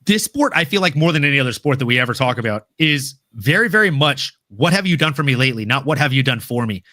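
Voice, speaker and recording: A man's voice: mid-range voice, expressive, quick pace, sharp tone, dry recording. A man hosting an MMA podcast, casually breaking down fights and betting odds and reading chat comments. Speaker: podcast host.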